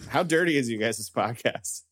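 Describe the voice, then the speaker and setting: Deadpan male comedian musing aloud. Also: medium pitch, measured pace, husky. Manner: deadpan, musing, crude jokes. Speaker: comedian guest. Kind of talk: casual comedic chat.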